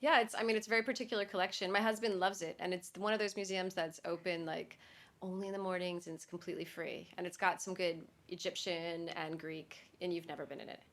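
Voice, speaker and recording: A woman's voice: on the low side, steady tone, quick pace. A woman hosting a podcast in casual interview chat, chatty and joking. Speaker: podcast host.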